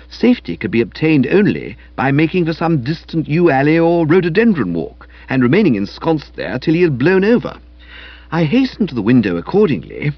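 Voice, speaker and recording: A male audiobook narrator tells a comic tale in the first person, wry and theatrical, with a husky voice that swings widely in pitch. The recording is dry and slightly muffled. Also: no echo. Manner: wry, lively, theatrical storytelling.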